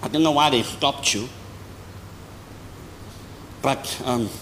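A man preaching a sermon as an apostle, with sudden loud high bursts and slow emphatic phrases. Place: large church hall. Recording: long hall reverb, faint noise.

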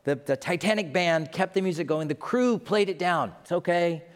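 A man preaching a sermon in an animated way, briefly acting out the people he talks about in quick put-on voices. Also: on the high side. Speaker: pastor. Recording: long hall reverb.

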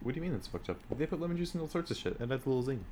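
A man's voice: mid-range voice, big pitch swings, racing, darkish tone, a little hiss or hum. A man co-hosting a podcast in casual chat, teasing and swearing a lot. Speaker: podcast co-host.

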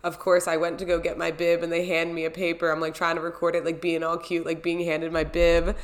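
A young woman tells her story in a loose, chatty vlog recap. Her voice sits a little low for a woman, and she rambles from one moment to the next. She acts out her own reactions as she goes. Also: monotone, brisk.

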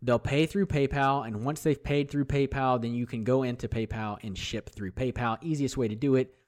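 A man's voice: medium pitch, steady tone, moderate pace, darkish tone. A man hosting a solo hobby podcast, talking in a chatty, rambling way with plenty of fillers and restarts. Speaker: podcast host. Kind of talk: casual solo podcast talk.

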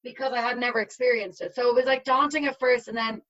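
Young woman, twenties, casual guest chat, lots of fillers, fairly high voice, muffled lo-fi sound. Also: steady tone, fast, fairly bright tone. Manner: chatty, uses many fillers. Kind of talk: casual conversation. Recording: slightly dull lo-fi sound.

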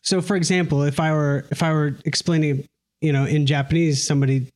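A man's voice: fairly high pitch, steady tone, fairly quick, darkish tone. A man co-hosting a podcast in casual chat, playful and jokey. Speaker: podcast co-host.

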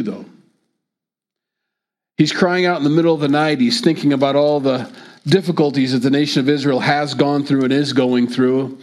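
A middle-aged pastor giving a sermon, praying and teaching in an easygoing, conversational way with frequent fillers. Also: male voice, medium pitch.

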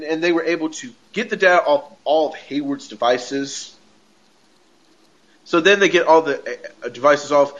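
A man co-hosting a podcast, casually recapping a TV episode in a rambling way, full of "like" and quick laughs. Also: a little high, a bit bright. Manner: rambling, heavy on filler "like", laughs often. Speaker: podcast co-host. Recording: dull lo-fi audio.

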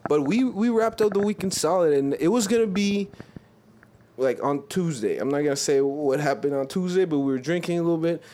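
A man's voice: a little high, animated, fairly quick, mellow, slight background noise. A young man co-hosting a podcast, laid-back and candid in casual chat. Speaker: podcast co-host.

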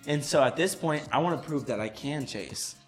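Upbeat young man, slightly higher voice. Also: normal speed, soft background music. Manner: animated, joking banter. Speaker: podcast co-host. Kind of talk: casual chat on a live stream.

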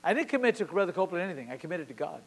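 A man in his sixties preaching a sermon at a church service. He tells a story with passion, swinging from sudden loud peaks to quiet drops. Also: high voice, sing-song, very fast, breathy edge. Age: 60s. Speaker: pastor. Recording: long hall reverb.

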